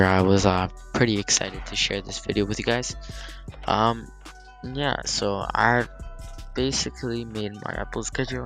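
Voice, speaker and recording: A man's voice: on the low side, gravelly, fairly bright tone, low-quality recording. A man, a gaming YouTuber, casually telling a story-time vlog, rambling with lots of fillers and some swearing.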